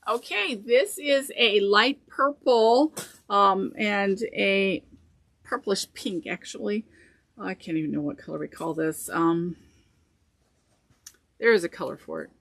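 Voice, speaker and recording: A woman's voice: mid-range voice, slow pace, fairly bright tone, no room sound. A woman co-hosting a fabric show, chatting casually as she hunts for the right color names. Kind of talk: casual product presentation.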